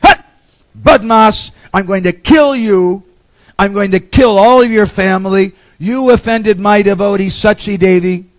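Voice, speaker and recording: A man voicing a wrathful male deity who yells and commands. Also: on the high side, a little slow, long pauses, lightly acted. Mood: furious. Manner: yelling, commanding.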